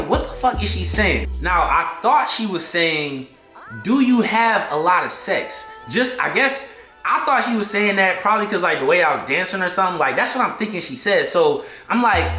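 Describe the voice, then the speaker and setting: A man vlogging an excitable storytime in heavy slang, acting out what people said. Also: high-pitched. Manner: slangy, excitable, acts out quotes. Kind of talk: animated storytime. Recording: echoey room, faint music behind.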